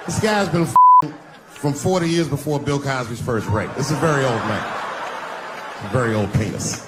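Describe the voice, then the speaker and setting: A middle-aged man doing a stand-up comedy set, brash and crude, on a live stage with a handheld mic. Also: a little high. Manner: brash, crude punchlines with mocking asides. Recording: live stage recording with audience noise.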